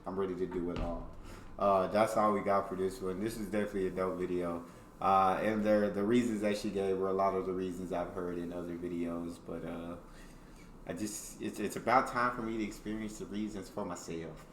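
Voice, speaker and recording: A man's voice: deep voice, steady tone, a little fast, a little hiss or hum. An American man hosting a reaction video, chatting in a casual, laid-back, slangy way. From United States. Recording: echoey room with faint music.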